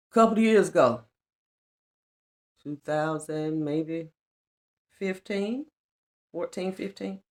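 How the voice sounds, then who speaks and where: A middle-aged woman giving an earnest, colloquial personal testimony on a spiritual vlog, repeating lines for emphasis. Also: lowish voice. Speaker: spiritual vlogger.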